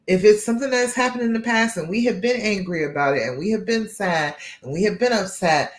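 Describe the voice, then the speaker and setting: A woman's voice: medium pitch, fairly quick. Woman, live coaching host, reassuring, speaks directly to viewers, keeps checking in. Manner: warm, reassuring, talks straight to viewers; frequent "all right?" and "okay?" check-ins. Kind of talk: live-streamed coaching talk.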